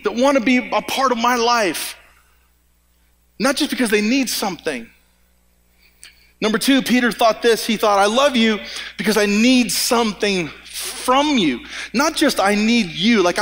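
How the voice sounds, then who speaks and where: Male pastor, high voice, energetic joking sermon, long hall reverb. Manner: energetic, joking, repeats words and restarts. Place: church hall.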